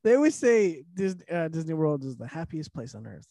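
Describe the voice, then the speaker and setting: A man's voice: on the high side, very animated, a little fast, creaky, mellow, no echo. A man co-hosting a podcast, chatting casually, laughing often and steering the topics. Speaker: podcast co-host.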